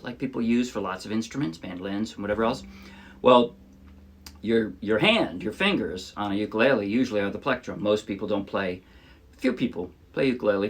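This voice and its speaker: A man teaching a ukulele arrangement in a relaxed, chatty tutorial style. He explains each step and often checks in with the viewer. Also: medium pitch. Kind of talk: casual music tutorial. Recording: loud ukulele playing under the speech. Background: his own ukulele playing under the voice.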